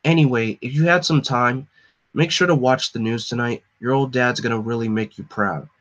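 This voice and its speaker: A man's voice: medium pitch, normal speed, a bit bright, lo-fi sound, close to an everyday voice. A washed-up villain, as a man reading a comic puts him on, rambling and boasting in a subdued voice. He stumbles over his words. It sounds like a storybook read-along. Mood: boastful.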